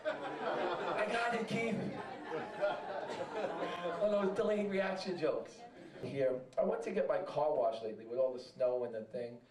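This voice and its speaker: A man doing stand-up comedy for a live audience, telling a story with animated delivery and shouted punchlines. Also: medium pitch, brisk. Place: club stage with a crowd. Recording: roomy, distant live stage sound with crowd.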